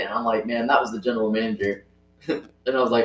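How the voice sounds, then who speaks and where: A man's voice: medium pitch, steady tone, brisk. A man chatting casually about his retail job, retelling stories animatedly and acting out the voices of the people involved. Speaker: retail store worker. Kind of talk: casual storytelling chat. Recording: echoey room, voice from far off the mic.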